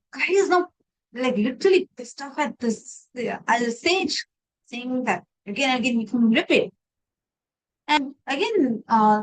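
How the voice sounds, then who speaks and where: A woman with a high voice leads a spiritual class online. She tells a teaching story in an animated way, checking in with her listeners as she goes. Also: rough recording. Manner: animated storytelling, asks the audience questions.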